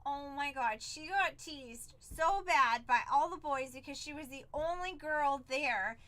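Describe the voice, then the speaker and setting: Bubbly high-voiced woman. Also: a little slow, pushed and bright. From San Diego, Southern California. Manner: bubbly, chatty storyteller who acts out quotes. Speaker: livestream card break host. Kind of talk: casual live-stream chat.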